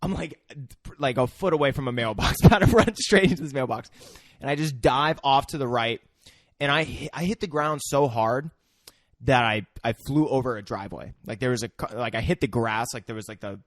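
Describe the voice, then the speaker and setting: A man's voice: mid-range voice, brisk, no room sound, studio quality. A man co-hosting a podcast, telling a story in a rambling way with lots of "like" and restarts. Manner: rambling, filler-heavy, laughs through his story. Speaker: podcast co-host. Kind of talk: casual storytelling chat.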